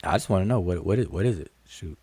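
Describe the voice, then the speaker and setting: A fast-talking man whose voice sits low and sounds slightly rough, recorded dry. Hosting a live-stream lesson, he speaks directly to viewers with constant repetition and questions, animated as he calls "look, look" and addresses "y'all" and "family."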